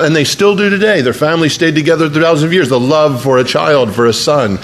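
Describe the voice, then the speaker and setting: A man's voice: fairly high pitch, slight background noise. A man pastor delivering a sermon to a congregation in church, telling a story and often repeating his words as he preaches.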